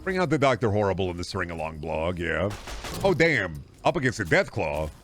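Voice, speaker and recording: Lively, rambling male streamer. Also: low voice, a little fast, slight background noise. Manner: rambling, profane, jokey. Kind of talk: casual chat while streaming a game.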